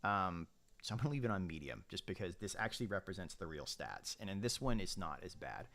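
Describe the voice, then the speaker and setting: A man's voice: deep voice, big pitch swings, a little fast, bright, forceful tone. A man giving casual gameplay commentary as a streamer, chatty and thinking aloud while he sets up his army. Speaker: game streamer.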